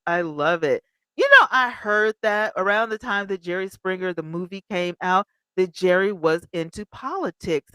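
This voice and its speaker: A woman's voice: fairly low pitch, moderate pace, a bit bright, dry recording, poor audio. A woman host from Alabama, chatting casually on a livestream, reading viewer comments aloud and laughing often. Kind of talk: casual live chat commentary.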